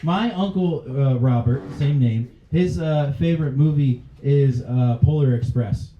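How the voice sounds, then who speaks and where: On a club stage, a male stand-up comedian with a medium-pitched voice speaks unhurriedly, chatting with the crowd and laughing at his own jokes. The live recording sounds dull and roomy, with faint audience laughter behind him.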